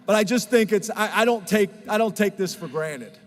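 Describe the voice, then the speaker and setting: A man's voice: high voice, brisk, long reverb tail. A man speaking as head coach at a press conference, earnest and emotional, with frequent fillers and restarts.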